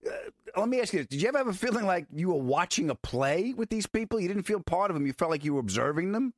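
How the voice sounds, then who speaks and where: A man's voice: high-pitched, sing-song, quick pace, dry recording. A man hosting a casual chat, eagerly agreeing and chiming in as his guest talks. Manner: eager, agreeable, chimes in often. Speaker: host.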